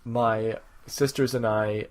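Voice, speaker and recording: A young adult man co-hosting a podcast, in casual chat with dry, deadpan jokes. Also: mid-range voice, slow. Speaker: podcast co-host.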